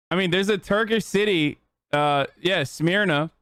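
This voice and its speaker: Animated swearing streamer, smooth dry voice. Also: male voice, sits high, no room sound. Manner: animated, swearing, reacting to clips and chat. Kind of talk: casual live-stream commentary.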